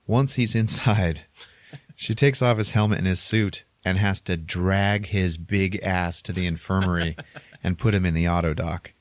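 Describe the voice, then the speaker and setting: A man with a deep, low voice recounts a story in relaxed podcast chat. He rambles, chuckles between lines and fills gaps with "like". The sound is dry and close, with no room echo. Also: measured pace. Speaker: podcast co-host. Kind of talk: casual chat, retelling a film plot.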